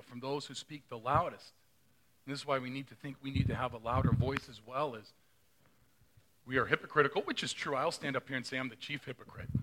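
A man's voice: mid-range voice, pushed and bright, a little hiss or hum. A middle-aged male pastor preaching a sermon in a conversational way, often asking the congregation questions.

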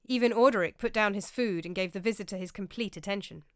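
A woman reading an audiobook in a steady, even narration. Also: medium pitch, fast, few pauses, no room sound, clean studio sound.

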